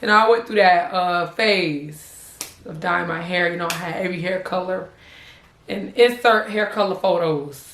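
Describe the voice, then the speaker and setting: A woman's voice: fairly low pitch, normal speed, fairly bright tone. A young woman vlogger reacting to her old videos, giggly and teasing herself in casual commentary. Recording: echoey room with faint music.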